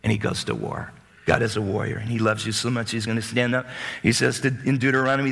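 A man preaching a sermon as a pastor, animated, swinging between loud bursts and hushed asides. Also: mid-range voice, fast talker, creaky, in a large hall.

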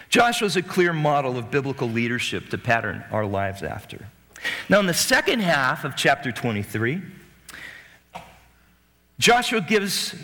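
A man preaching a sermon as a pastor, animated, swinging between loud bursts and hushed asides. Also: on the high side, normal speed, long reverb tail.

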